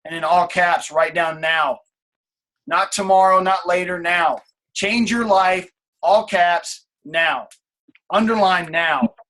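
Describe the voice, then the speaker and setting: Here a team leader in his late thirties gives a casual, blunt pep talk on a coaching call, full of swearing and repeated key points. His high voice stays steady and sharp, delivered slowly.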